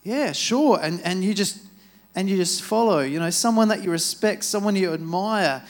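A man's voice: high voice, moderate pace. A man giving a sermon in a chatty, storytelling way, speaking into a microphone in a church. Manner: casual, chatty retelling with acted-out quotes. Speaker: preacher.

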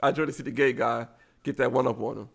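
A man's voice: medium pitch, steady tone, fast talker, creaky, crowd noise. A man co-hosting a podcast, telling a story in casual chat and acting out the people he quotes. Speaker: podcast co-host.

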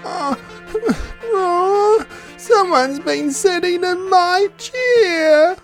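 A narrator voicing Baby Bear, a small whiny bear cub, with a high wailing voice close to tears, in a storybook read-aloud. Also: expressive, drawn-out words, creaky, sharp tone, faint music behind, exaggerated voice.

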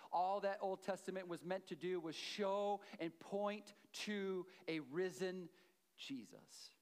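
A man preaches in a chatty storytelling way, stopping to check in with his listeners. He repeats key phrases for emphasis, and his voice sits high for a man. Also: smooth. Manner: conversational storytelling with checks to the audience. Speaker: pastor. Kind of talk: sermon.

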